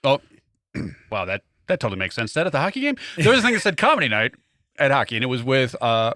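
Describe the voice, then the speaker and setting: A man's voice: mid-range voice, quick pace, dry recording, clean studio sound. A man co-hosting a podcast, a comedian telling a story in casual chat, acting out the quotes. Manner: animated, acts out quotes in other voices.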